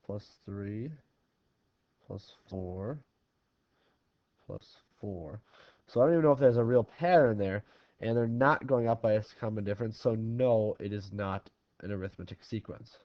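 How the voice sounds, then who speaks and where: A man's voice: fairly low pitch, no echo. A man teaching a recorded math lesson in a casual way, talking through problems step by step. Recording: dry, slightly dull lo-fi recording.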